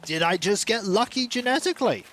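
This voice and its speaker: Male streamer, casual rambling chat over gameplay, high voice with a lively, swooping delivery. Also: brisk, a little hiss or hum. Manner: rambling, animated storytelling. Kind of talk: casual chat while gaming.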